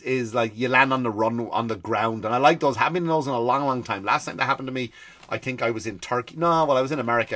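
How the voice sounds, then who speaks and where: Swearing irish comedian ranting. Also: male voice, mid-range voice. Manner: animated storytelling, acts out quoted people, swears freely. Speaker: comedian podcast host. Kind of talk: comic rant.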